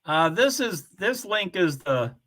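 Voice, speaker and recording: A man's voice: sits high, very animated, slow, fairly bright tone. A man hosting a casual livestream, chatting with viewers and reading their comments aloud in a blunt, offhand way. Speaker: livestream host.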